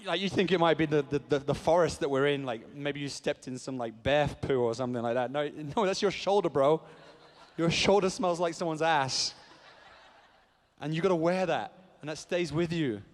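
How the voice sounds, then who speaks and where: A British actor with a slightly high voice, speaking at normal speed, addresses the crowd from a convention hall stage as a fan panel guest. His talk is playful, rambling and cheeky, and the hall sounds echoey.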